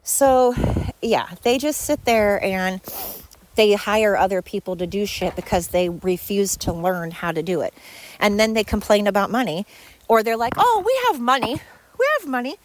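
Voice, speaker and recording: A middle-aged woman hosting her own podcast, venting sarcastically about former coworkers. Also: moderate pace. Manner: venting, sarcastic, mimics others in high voices. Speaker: podcast host. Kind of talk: solo podcast rant.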